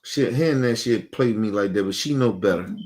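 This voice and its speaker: A man's voice: lowish voice, brisk, a little mellow. A man, hosting and ranting in a heated, profane, repetitive way, casual monologue. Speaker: show host.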